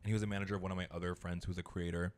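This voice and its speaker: A man's voice: low voice, level tone, very fast. A man co-hosting a podcast, telling stories in casual chat, chatty and full of fillers. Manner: chatty storyteller, filler-heavy. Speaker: podcast co-host.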